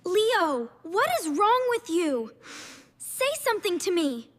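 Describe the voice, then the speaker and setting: A woman voicing a sensible, bossy young girl in a slow cartoon story, scolding and urgent. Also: very high voice, very animated, a bit bright, exaggerated voice. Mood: worried. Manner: scolding, then urgent and frantic. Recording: reverberant room.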